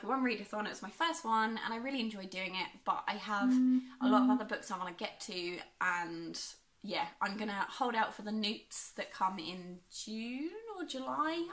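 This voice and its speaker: With a pushed, bright, mid-range voice, a young book vlogger from England talks casually about the books she's read. She fills her speech with ums and pokes fun at herself.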